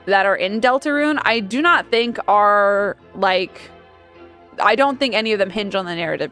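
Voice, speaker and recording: A woman streamer talking casually to her viewers, rambling from one thought to the next. She laughs often and trails off mid-sentence. Soft music plays faintly behind her. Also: mid-range voice.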